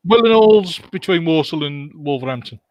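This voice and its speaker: A man with a Black Country accent, a guest in a casual chat, with a dry, deadpan humour. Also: on the high side, moderate pace, no room sound. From Black Country, England. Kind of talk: casual video call chat.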